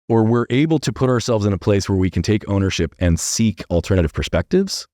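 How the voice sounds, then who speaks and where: A middle-aged man with a low voice tells a personal story as a podcast guest, earnest and animated, tagging his points with "right?". The sound is dry and close. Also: brisk, hardly any pauses, dry recording.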